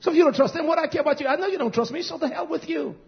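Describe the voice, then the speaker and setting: A middle-aged man preaching a fiery sermon, scolding, dropping to low mutters and whispers, then rising into loud outbursts. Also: rapid-fire, gravelly. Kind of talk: fiery street-style sermon. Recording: muffled lo-fi recording.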